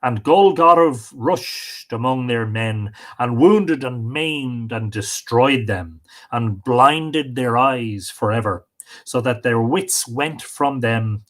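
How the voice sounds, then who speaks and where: A man telling an ancient legend to a live audience, reading with plenty of expression. His pitch swings widely, and he breaks off now and then for wry little asides. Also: lively intonation, slow pace, fairly bright tone. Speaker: storyteller and stream host.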